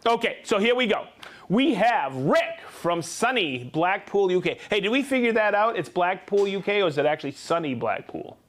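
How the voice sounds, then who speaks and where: High-voiced chatty male show host. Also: very animated, normal speed. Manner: chatty, reading out viewer names and hometowns; informal, with restarts and asides. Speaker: host of a live tool show. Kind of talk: live product demo and viewer shout-outs.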